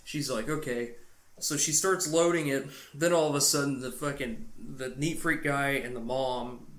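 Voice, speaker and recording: A man's voice: medium pitch, fairly even intonation, moderate pace, a bit bright. A man co-hosting a podcast, retelling a film plot in a rambling, profane, casual way. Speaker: podcast co-host. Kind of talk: casual movie recap. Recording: roomy echo.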